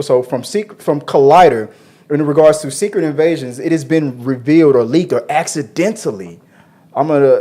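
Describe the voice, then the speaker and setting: A man's voice: mid-range voice, dark tone. A man hosting a casual entertainment-news show with his wife, joking around and often restarting his sentences. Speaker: podcast host.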